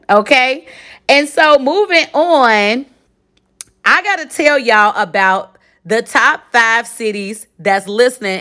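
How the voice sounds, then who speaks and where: A woman in her forties from Chicago hosting her own podcast, talking casually and animatedly to listeners, often checking in with "okay?". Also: fairly high pitch. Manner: chatty, animated, lots of direct address and 'okay?'. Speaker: podcast host. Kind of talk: casual solo podcast recap.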